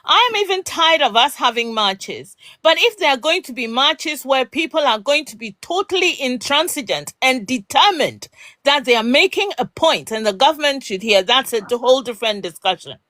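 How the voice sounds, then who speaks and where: A woman argues with emphatic, rhetorical force in a live discussion. Her voice sits high and bright, with wide swings of pitch. The sound is close and dry, with no room around it. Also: expressive, moderate pace, no room sound. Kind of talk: impassioned debate.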